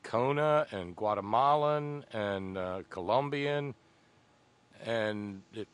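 A man's voice: on the low side, slow, smooth. A man as a guest in a casual chat, telling stories in a rambling way with many restarts. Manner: rambling, chuckling storyteller who restarts often.

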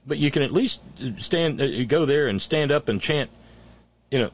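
A male host delivers a profane, sarcastic political rant, often stumbling into restarts. His voice sits a touch higher than most men's and swings widely as his anger builds. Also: lively intonation, normal speed. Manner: angry, profane, sarcastic ranting with stammered restarts. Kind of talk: ranting political commentary.

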